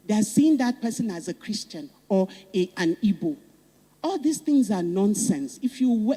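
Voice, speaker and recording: A woman's voice: fairly high pitch, mellow. Fervent Nigerian woman in echoing hall. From northern Nigeria. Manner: fervent, repeats phrases for emphasis. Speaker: summit speaker. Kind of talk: impassioned public speech. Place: conference hall. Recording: reverberant conference hall.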